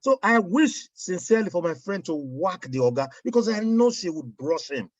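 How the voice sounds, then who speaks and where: A man's voice: high voice, normal speed, no room sound. A man with a Nigerian accent in casual chat, telling stories and mixing in pidgin phrases. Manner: mixes in pidgin, animated storytelling. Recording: dry, muffled audio.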